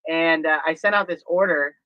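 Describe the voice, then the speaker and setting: A man with a high voice tells stories in a casual chat, acting out his own side of a call and laughing easily. The sound is dry and a little muffled, like stream audio. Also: normal speed, clean tone, no room sound. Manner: animated storyteller, acts out phone calls, laughs easily.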